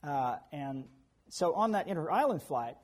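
A man preaching a sermon who tells animated stories with chuckles and asides. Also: on the high side, a little slow. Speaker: pastor.

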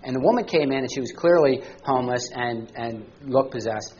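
A man's voice: medium pitch, fairly quick, darkish tone, husky, dull audio. A man teaching a church study class to a group, talking conversationally and often checking in with the listeners by asking them questions. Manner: conversational, asks the group questions, frequent "all right?".

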